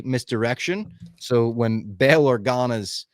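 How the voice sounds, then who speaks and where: A man's voice: lowish voice, lively intonation, moderate pace, dry recording, clean studio sound. A man in casual podcast chat, talking with enthusiasm, swearing freely and acting out lines he quotes. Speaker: podcast co-host.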